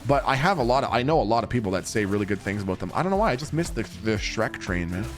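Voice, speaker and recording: A young man chats with his stream audience while playing, relaxed and profane, laughing easily. His voice swings up and down a lot. Faint game music plays under him. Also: on the low side, very fast. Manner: laid-back, swears a lot, laughs often, animated. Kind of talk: casual chat while gaming.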